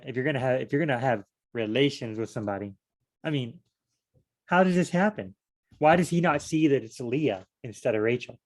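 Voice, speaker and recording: This man reads Bible passages aloud and then talks them over in a loose, conversational way. He drifts into side stories and restarts his sentences often. His voice sits at an ordinary middle pitch. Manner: digressive, chatty asides and restarts. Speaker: Bible study vlogger. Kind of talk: reading scripture aloud with casual commentary.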